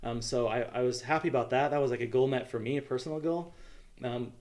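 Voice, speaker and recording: A young adult American man hosting a casual livestream chat, earnest and halting, with lots of ums. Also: medium pitch, darkish tone. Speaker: YouTube channel host.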